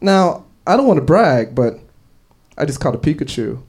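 A man's voice: fairly high pitch, sing-song, moderate pace, a little mellow, breathy edge. A young man doing a stand-up comedy set, telling stories with lots of fillers and laughing along. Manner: storytelling, with frequent fillers and laughs. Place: comedy club stage.

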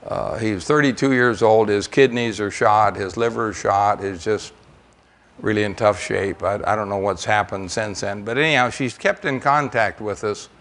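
An older American man tells missionary stories to a church congregation in a folksy, rambling testimony, full of fillers and repeated words. His voice is on the low side and fairly bright in tone, at a normal speed.

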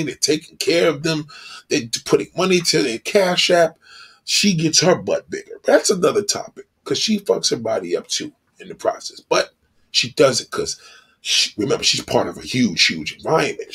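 A man delivering a blunt, profane monologue, animated and acting out the people he talks about. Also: on the high side, vocal fry, husky.

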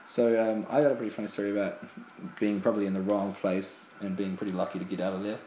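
A man co-hosts a casual podcast chat, rambling through a story with many ums. His voice sits low. It comes from an echoey room with a faint hiss behind it. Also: level tone, quick pace. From New Zealand. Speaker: podcast co-host.

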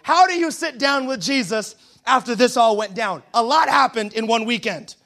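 A man with an unusually high voice preaches a sermon, retelling a story in loose, slangy everyday talk. He narrates with a relaxed, conversational manner. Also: normal speed. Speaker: pastor.

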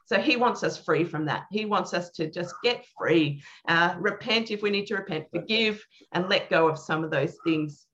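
A woman's voice: on the low side, normal speed, hardly any pauses, highs cut off. Earnest woman telling a prayer testimony. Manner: earnest, animated storyteller, acts out quoted dialogue. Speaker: guest, prayer minister. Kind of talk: telling a personal ministry testimony.

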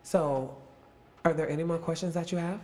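A man's voice: fairly high pitch, fairly even intonation, moderate pace, darkish tone. Upbeat playful man in his late twenties. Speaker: actor interviewing young castmates. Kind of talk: casual backstage interview.

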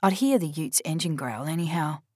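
A woman's voice: deep voice, animated, moderate pace, a little mellow, slightly rough, dry recording. Dry, blunt woman narrating. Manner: blunt, wry, streetwise teen narrator voice. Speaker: audiobook narrator. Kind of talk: first-person audiobook narration.

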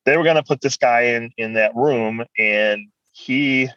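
A man as a guest, telling a personal story in an animated, rambling way. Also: medium pitch, a little slow, highs cut off.

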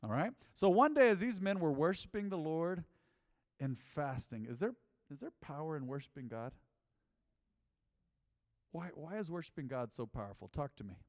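A man as pastor, preaching a lively interactive sermon, joking with the congregation and repeating their answers. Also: a little high, normal speed, pauses often, no echo, clean studio sound, in a large hall.

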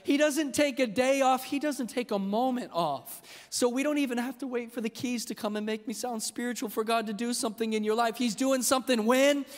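A man preaching a sermon, animated and humorous, building to emphatic shouts. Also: extremely high pitch, fairly quick, few pauses. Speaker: pastor. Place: large church hall. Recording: long hall reverb.

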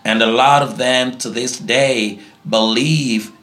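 A man's voice: medium pitch, fairly even intonation, takes it slowly, a bit bright. A man from Africa, a pastor answering interview questions in a preaching tone, emphatic and fond of repeating key phrases. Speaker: guest pastor.

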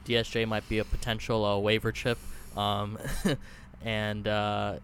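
A man co-hosting a sports podcast in casual, halting chat, with many fillers and restarts. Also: on the low side, little pitch movement, a bit bright, a little hiss or hum. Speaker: podcast co-host.

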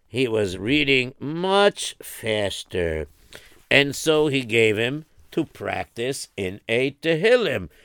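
A man's voice: medium pitch, vocal fry, a bit bright, smooth, dry recording, studio quality. A man telling a story in a folksy way, sprinkling in Yiddish and Hebrew words. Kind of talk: spoken storytelling.

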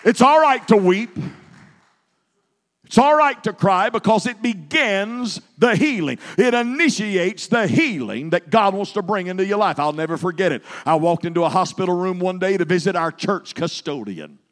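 A high-voiced man preaching from the pulpit, his words ringing with a long echo through a big hall. He starts low and measured, then rises to fervent, loud preaching. It sounds like a church sanctuary. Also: expressive. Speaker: pastor. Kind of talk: sermon. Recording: long reverb of a large hall.

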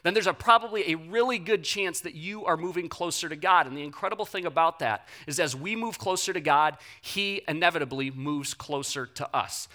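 Young guy pastor preaching, bright voice, acts out the story, blunt and lively. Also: fairly high pitch. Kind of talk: sermon with personal storytelling.

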